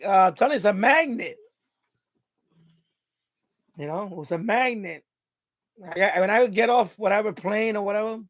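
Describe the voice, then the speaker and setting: A man's voice: high-pitched, no room sound. A middle-aged man hosting a live stream, telling stories in a rambling, casual way, laughing often and repeating himself. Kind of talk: casual storytelling monologue.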